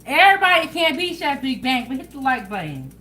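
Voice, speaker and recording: A woman hosting a casual home cooking vlog, chatting in a relaxed way and talking straight to her viewers. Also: sits high, brisk, slight background noise, poor audio. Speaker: home cooking show host. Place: home kitchen.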